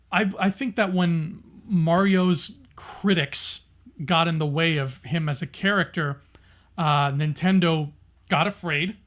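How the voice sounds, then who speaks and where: High-voiced animated man, casual podcast talk. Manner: animated, laughs often, many restarts; passionate, emphatic. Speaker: podcast co-host.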